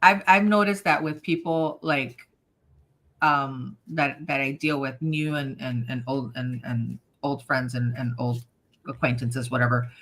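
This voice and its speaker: A woman with a bright, forceful timbre co-hosting a casual spiritual chat. She rambles with stammered restarts and steady murmured agreement. When she reflects she sinks low and soft. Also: a little slow. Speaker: co-host.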